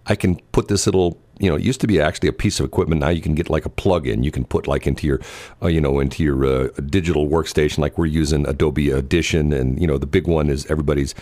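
A man's voice: a bass voice, fairly even intonation, fast talker, darkish tone, no room sound. A man hosting a radio morning show in a studio, chatting casually and rambling with lots of restarts and fillers. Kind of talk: casual on-air banter.

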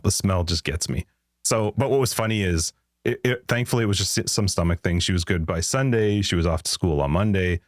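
A man's voice: sits low, dry recording, studio quality. A man hosting a podcast, telling rambling anecdotes in casual chat and laughing often. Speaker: podcast host.

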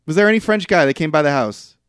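A man's voice: expressive, fast talker, fairly bright tone, clear, resonant tone, no echo, clean studio sound. Rambling young man recapping a movie. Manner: rambling, acts out quotes with pitch jumps. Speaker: podcast co-host. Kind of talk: casual movie recap chat.

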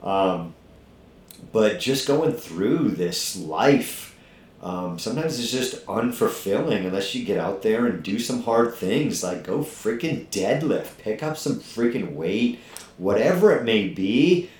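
The gym-owning podcast host, a middle-aged man, takes his time here, his lowish, darkish voice full of expression. His casual talk stays blunt, crude and motivational, captured in an echoey room.

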